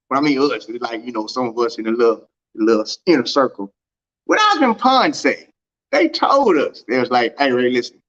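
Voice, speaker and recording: Animated man telling a story on a livestream. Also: lo-fi sound. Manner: animated, acts out quoted dialogue with big pitch swings. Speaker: track and field livestream host. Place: at home.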